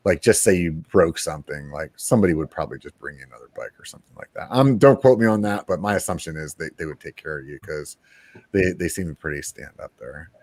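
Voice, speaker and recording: A man's voice: extremely low pitch, expressive, quick pace, darkish tone, no echo. A man hosting a podcast in casual chat, rambling and laid-back with lots of fillers and the odd swear word. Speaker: podcast host.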